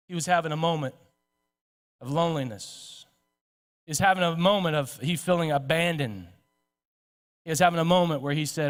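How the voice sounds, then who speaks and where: Texan man, pastor, casual preaching style, high voice, long church-hall reverb. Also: a little fast, pauses often. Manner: conversational preaching with repeated restarts and questions to the congregation. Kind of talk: sermon. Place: church sanctuary.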